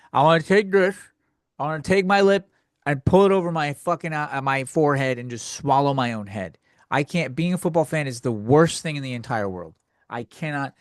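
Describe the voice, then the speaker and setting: A man's voice: on the high side, no room sound. A young man hosting a comedy podcast, ranting with profane exasperation into a close mic. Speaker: podcast host.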